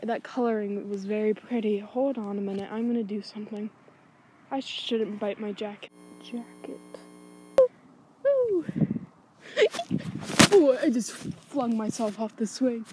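A woman's voice: on the high side, lively intonation, measured pace, long pauses, darkish tone, a little hiss or hum. A woman rambling to herself in a casual vlog outdoors at night, scatterbrained and easily distracted, recorded on a handheld iPod. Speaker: vlogger. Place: outdoors at night on a backyard swing in the cold. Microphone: handheld iPod camera.

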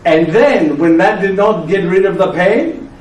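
An actor playing an aging, tired but playful friar with an Italian accent, a teasing storyteller who keeps asking "yes?". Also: male voice, high voice, a little slow. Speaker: actor performing a one-man show. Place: church hall before a live audience. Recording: echoey church hall, voice from far off.

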